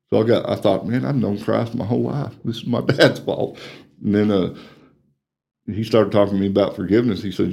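A middle-aged man, earnestly telling his life story in an interview, plain-spoken and quiet at the painful parts. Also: low-pitched, creaky. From Texas, USA. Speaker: ministry coordinator.

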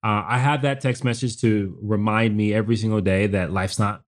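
A man's voice: fairly low pitch, fairly even intonation, a little fast. A middle-aged man, a father, talking earnestly in a casual family chat, often restarting his sentences. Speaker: father and podcast co-host.

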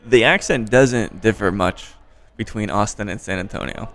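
American man from the Midwest, gravelly voice, wry host of a relaxed chat. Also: lowish voice, normal speed. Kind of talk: casual chat. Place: bar by a window.

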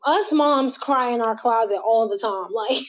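A young woman talks candidly and casually as an interview guest, laughing easily and swearing without a second thought. Her voice sits a little high. The audio is dull and muffled. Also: measured pace. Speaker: guest, model and mother.

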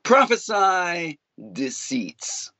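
A man co-hosting a talk show in a measured, casual way, often quoting scripture. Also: high voice, very animated, pushed and bright, no room sound. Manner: measured, quotes Bible verses. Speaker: radio co-host.

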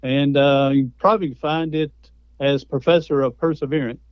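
A man's voice: medium pitch, fairly even intonation, normal speed, clear, resonant tone, no echo, muffled recording. A man, a guest speaker and author telling stories in a folksy, conversational way. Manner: folksy storytelling. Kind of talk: conversational interview.

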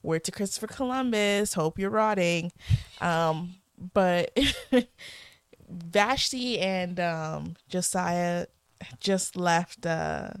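A woman co-hosting a podcast, chatting excitably with frequent laughter and quick asides. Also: fairly low pitch, smooth, no room sound, clean studio sound. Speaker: podcast co-host. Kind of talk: casual podcast chat.

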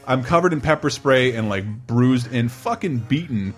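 A man in his thirties casually telling a long personal story on a podcast, animated and laughing, acting out quotes in a high voice. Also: normal speed, faint music behind. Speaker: podcast co-host.

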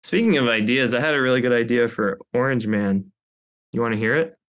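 A man's voice: mid-range voice, brisk, a bit bright. A man chatting as a guest on a podcast, rambling and self-conscious, joking with the hosts. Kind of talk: casual chat. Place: podcast studio.

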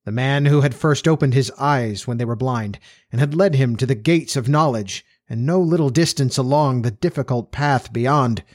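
Man, story narrator, measured and steady, mid-pitched voice, dry close recording. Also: no echo. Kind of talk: audiobook-style story reading.

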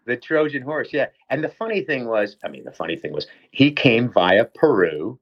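A man's voice: medium pitch, very animated, moderate pace, slightly rough, no echo, highs cut off. A man, a personal trainer, telling a long rambling story in casual chat with many restarts and asides.

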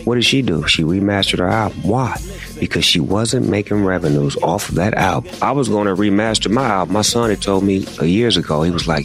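A man speaking casually in an interview clip, explaining his point in a relaxed, conversational way. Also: deep voice, a little fast, soft background music. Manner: laid-back, conversational, explaining.

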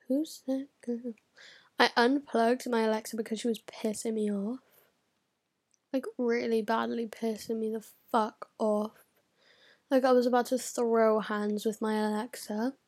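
Teen girl vlogger, slightly high and husky, rambling chat with lots of swearing. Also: steady tone, measured pace, a little mellow. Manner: chatty, swears a lot, dips into whispers. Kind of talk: casual chat to camera.

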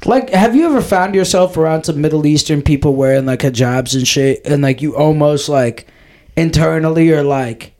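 Profane, rambling guy, highish voice. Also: a little mellow. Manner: loose, profane, rambling with lots of "like" and "dude". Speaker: podcast co-host. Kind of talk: casual podcast chat.

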